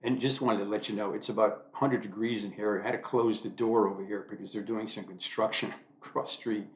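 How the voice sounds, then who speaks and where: A man's voice: fairly low pitch, steady tone, brisk. An older man from the United States giving a wry, self-deprecating monologue to camera from a room at home. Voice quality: dry, self-deprecating humor. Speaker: vlogger. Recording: echoey room.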